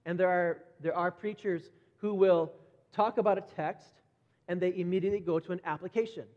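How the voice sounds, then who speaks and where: A middle-aged man preaching a sermon conversationally, repeating words as he goes and brightening when he acts out quoted voices. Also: sits high, steady tone, brisk. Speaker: pastor. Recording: dull lo-fi sound with long hall reverb.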